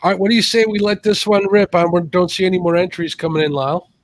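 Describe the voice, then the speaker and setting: A man's voice: sits high, quick pace, no room sound. A man co-hosting a live stream giveaway, bantering and greeting viewers by name. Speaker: co-host running a giveaway. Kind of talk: casual live-stream chat.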